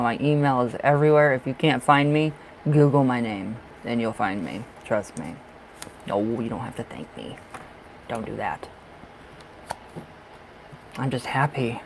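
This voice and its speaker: A man's voice: medium pitch, moderate pace, pauses often, slight background noise, poor audio. Effusive man reading tarot on a live stream. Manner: chatty, effusive, laughs often, calls viewers darling and love. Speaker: livestream tarot reader. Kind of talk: casual live-stream chat.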